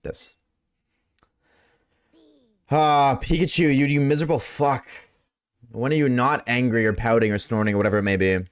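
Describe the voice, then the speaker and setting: A man's voice: steady tone, moderate pace, long pauses, clean tone. Casual, swearing male game streamer. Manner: loose and profane, chatting with viewers, jumps between high and low voice. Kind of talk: casual live-stream chat while gaming. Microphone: desk microphone.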